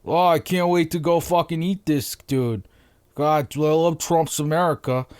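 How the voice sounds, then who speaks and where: A man with a Massachusetts accent voicing a dim, loud, gleeful bargain-hunting man. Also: fairly high pitch, unhurried, clean tone, dry recording, clean studio sound, pitched above the performer's own voice, lightly acted.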